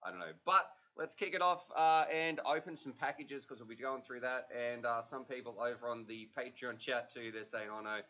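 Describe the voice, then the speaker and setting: A man's voice: medium pitch, moderate pace, few pauses, pushed and bright. A man hosting a livestream, chatting casually and rambling with plenty of fillers. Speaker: livestream host. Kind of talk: casual chat. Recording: dull lo-fi livestream audio.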